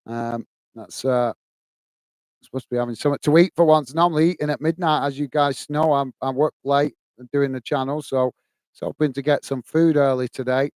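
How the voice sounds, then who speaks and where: A man's voice: medium pitch, steady tone, fairly quick, a little mellow, clean tone, dry recording. A man hosting a casual livestream, chatting to viewers, calling them mate, and reading out their comments. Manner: reads out chat comments. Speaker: livestream host.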